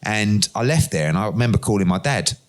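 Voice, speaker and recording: A middle-aged man, an interview guest, telling lively anecdotes and acting out the dialogue in them. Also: lowish voice, a little fast. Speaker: interview guest, boxing promoter. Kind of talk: conversational storytelling.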